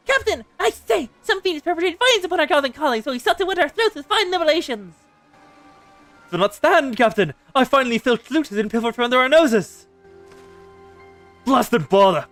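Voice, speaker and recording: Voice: high-pitched, lively intonation, a little fast, a bit bright, soft background music, pitched above the performer's own voice. A streamer voicing a pompous pirate dandy who speaks with florid, old-fashioned outrage. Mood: outraged.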